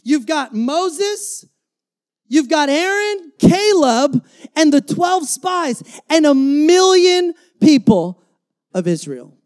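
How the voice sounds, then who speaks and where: Male pastor, slow deliberate delivery, dynamic emphatic sermon in a church. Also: extremely high pitch, very animated. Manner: dynamic, emphatic preaching with acted-out quotes. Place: church before a congregation.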